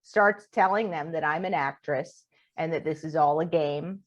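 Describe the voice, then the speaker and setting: A woman comedian telling a long story in casual podcast chat, animated and laughing as she acts out what others said, heard over a video call. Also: deep voice, normal speed, lo-fi sound. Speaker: comedian guest.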